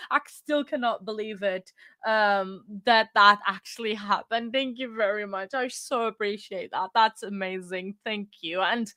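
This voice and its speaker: A woman's voice: medium pitch, sharp tone, no echo, studio quality. A woman hosting a true crime livestream, chatting casually and gushing thanks to her viewers in a rambling, emotional way. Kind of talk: casual livestream chat, reading viewer comments.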